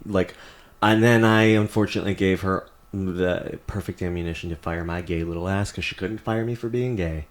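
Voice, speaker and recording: A man's voice: deep voice, fairly even intonation, moderate pace. A man, a comedian guest on a casual podcast, telling candid, profane stories.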